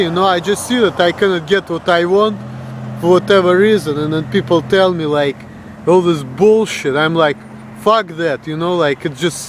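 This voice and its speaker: A young man from Russia, his accent clear and his voice sitting high, vents on a vlog with background noise behind him. The rant is blunt, crude, and profane, and he mimics others' voices to ridicule them.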